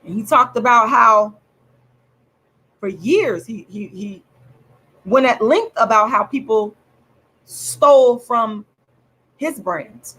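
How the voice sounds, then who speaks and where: Furious husky woman ranting. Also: fairly high pitch, fairly bright tone, poor audio. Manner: furious, repetitive, swearing, drawn-out emphatic words. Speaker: channel host. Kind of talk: angry direct-to-camera rant.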